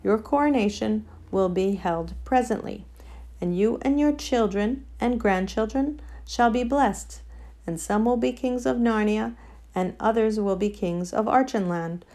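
A great, wise lion king, solemn and measured, as a woman narrator voices him. He speaks formally and gravely, like a storybook sovereign giving charges, at a middling pitch. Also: darkish tone, natural voice. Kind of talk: audiobook character voice.

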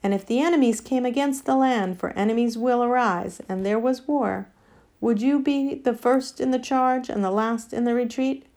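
A woman voicing a great wise male lion, speaking in a grave, measured, formal way in an audiobook. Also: on the high side, darkish tone, lightly acted. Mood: solemn. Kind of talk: audiobook character voice.

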